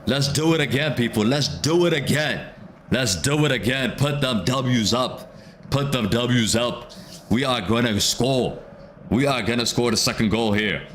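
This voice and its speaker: A man's voice: mid-range voice, a little slow, fairly bright tone, a little hiss or hum. Man hyping a live match to chat. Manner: repeats phrases, urges chat, erupts when a goal goes in. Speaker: watchalong streamer.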